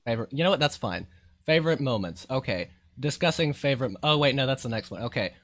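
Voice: mid-range voice, lively intonation, quick pace, no echo, studio quality. A podcast host running through interview questions, scattered and self-correcting. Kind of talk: casual podcast chat.

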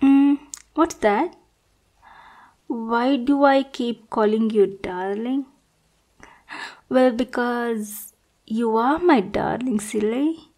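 A woman's voice: fairly high pitch, extremely slow, long pauses, darkish tone, full character voice. A woman doing a clingy obsessive girl, whispered role-play. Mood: soothing. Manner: sweet, clingy, calls listener darling. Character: obsessive, adoring young woman intruder. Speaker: ASMR performer.

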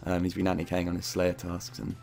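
A man's voice: low-pitched, completely flat delivery, fairly quick, creaky, darkish tone, soft background music. A man narrating his own game footage in loose, rambling commentary, swearing often and dropping in fillers. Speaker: gaming YouTuber narrating his own gameplay. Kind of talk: casual gameplay commentary.

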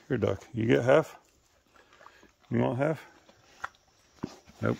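Gravelly man coaxing pets. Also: normal speed, pauses often, slight background noise. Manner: coaxing, playful baby talk jumping high in pitch; teasing with mild swearing. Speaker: pet owner filming animals. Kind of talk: casual talk to animals.

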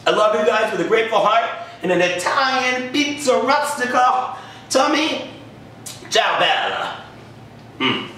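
A man from New Jersey hosts a cooking demonstration with a playful, theatrical, joking delivery. His voice sits high for a man. It comes from a distance in a very echoey kitchen with a faint hiss. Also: sing-song, measured pace, bright, forceful tone. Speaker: cooking show host. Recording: very echoey room, distant mic.

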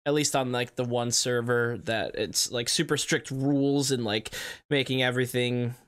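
A man's voice: mid-range voice, steady tone, fairly bright tone, clear, resonant tone, dry recording. Easygoing young man, dry close sound. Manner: easygoing, agreeable, quick to laugh along. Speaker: podcast co-host. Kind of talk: casual chat.

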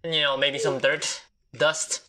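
Slow-talking young man with a bright voice. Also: a little high, little pitch movement. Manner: joking, reads text messages aloud. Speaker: gamer. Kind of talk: casual gameplay commentary.

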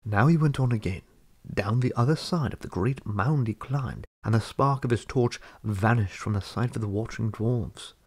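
A man narrating a fantasy storybook chapter in a measured reading voice. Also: on the low side, a little mellow, slightly rough. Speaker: audiobook reader.

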